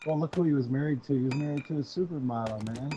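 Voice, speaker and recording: A man's voice: mid-range voice, quick pace, dark tone, slight background noise, low-quality recording. A man chatting casually, laid-back, mostly giving short replies. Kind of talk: casual chat.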